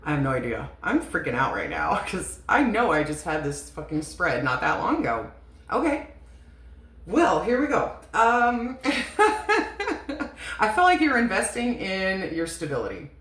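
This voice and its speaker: Low-voiced chatty woman reading tarot. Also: wildly swooping pitch, measured pace, fairly bright tone. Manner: chatty and emotional, swears, laughs often. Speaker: tarot reader. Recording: echoey room with faint noise.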